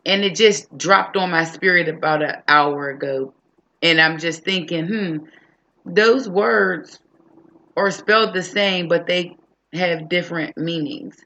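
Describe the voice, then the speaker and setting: A podcast host talking casually and reflectively about faith, thinking aloud with pauses and fillers. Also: medium pitch, bright, forceful tone, dull audio.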